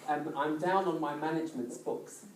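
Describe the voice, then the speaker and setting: A man doing comic cabaret at a piano in a live show, teasing the audience with quick, camp asides. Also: on the high side, very noisy. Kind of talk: stand-up musical comedy with audience banter. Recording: roomy live venue, taped from a distance. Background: audience laughing and piano playing.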